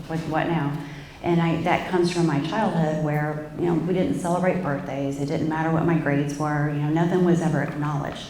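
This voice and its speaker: Low-voiced woman speaking candidly on stage. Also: warm tone, a little hiss or hum. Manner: candid, self-reflective, loose with fillers. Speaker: guest speaker. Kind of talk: candid personal talk to a live audience. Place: theatre stage. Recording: roomy theatre echo.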